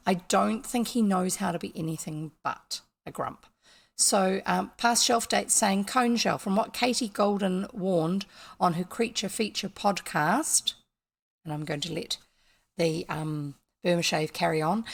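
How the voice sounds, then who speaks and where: A woman's voice: mid-range voice, creaky, husky. A woman with a New Zealand accent, chatting casually as she plays a video game and explains each step to her viewers. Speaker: gaming vlogger.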